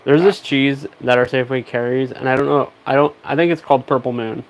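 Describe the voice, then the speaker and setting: A man's voice: mid-range voice, fairly even intonation, fairly quick, slight background noise. A man hosting a casual livestream, chatting with viewers and coaxing his pet bird. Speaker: pet parrot owner streaming.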